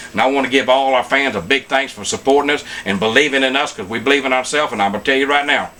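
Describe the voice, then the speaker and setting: A man's voice: mid-range voice, fast, sharp tone. A middle-aged man telling a story in a folksy, casual way, with "man" and "I tell you what" again and again. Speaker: show regular telling a story.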